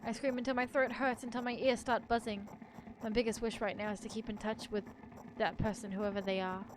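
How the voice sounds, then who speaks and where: A woman's voice: fairly high pitch, level tone, fairly quick, background noise. A woman streamer reading a horror story aloud in the first person, with joking asides.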